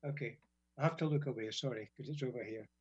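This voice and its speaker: A man from Britain reading his own poems on community radio, relaxed and wry between blunt, sweary verses. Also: mid-range voice, fast talker, breathy edge. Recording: dull lo-fi radio sound.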